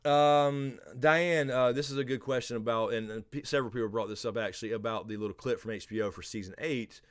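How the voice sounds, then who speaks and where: Southern guy rambling thru a live q&a, mid-pitched voice, easygoing. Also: brisk, clear, resonant tone. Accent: American Southern. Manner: relaxed, rambling, answers chat by name. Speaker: livestream host. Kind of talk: casual live Q&A chat.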